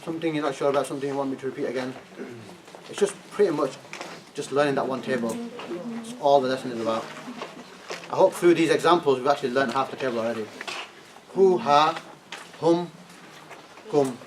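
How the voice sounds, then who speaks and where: A man's voice: mid-range voice, a little fast, pauses often. A man teaching a classroom lesson who keeps asking "yeah?" and prompts his students to translate. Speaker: Arabic teacher. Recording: distant classroom recording, faint noise.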